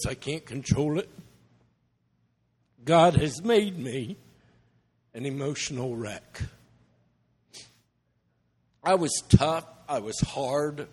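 Middle-aged male preacher, earnest and emotional, slightly high voice, long church reverb. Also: darkish tone, breathy edge. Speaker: missionary preacher. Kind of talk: sermon storytelling.

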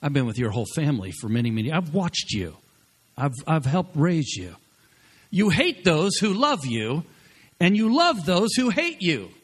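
A man's voice: fairly high pitch, big pitch swings, moderate pace, breathy edge, long reverb tail, voice pushed up. A man voicing a stern male army commander who rebukes a grieving king in a raised, scolding voice, told within a sermon.

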